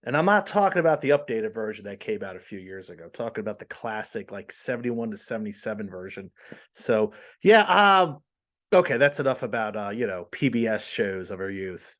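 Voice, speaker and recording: A man's voice: on the low side, big pitch swings, brisk, a bit bright. A man in his forties hosting a podcast, chatting casually in a rambling, self-deprecating way. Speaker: podcast host.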